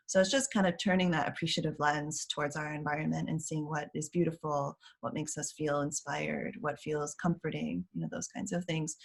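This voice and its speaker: A woman's voice: deep voice, vocal fry, husky. A woman parenting coach talking casually on a video call, with frequent fillers and light laughs. She acts out children's voices in a sing-song way. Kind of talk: casual explanatory talk as interview guest.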